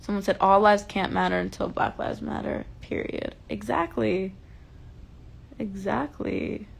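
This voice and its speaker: Gravelly-voiced woman ranting heatedly on a livestream. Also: medium pitch, measured pace. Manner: heated, emphatic, swears a lot. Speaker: livestream host. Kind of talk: casual livestream chat.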